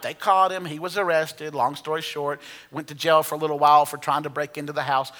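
Pastor, storytelling sermon, bright voice, reverberant hall. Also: male voice, fairly high pitch. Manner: storytelling with humor, conversational.

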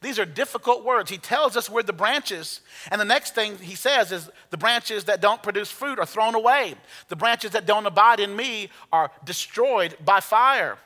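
A man's voice: sits high, expressive, normal speed, few pauses, bright, forceful tone, in a large hall. A male pastor preaching a sermon, playful as he leads the congregation through Bible verses from the platform. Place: church sanctuary.

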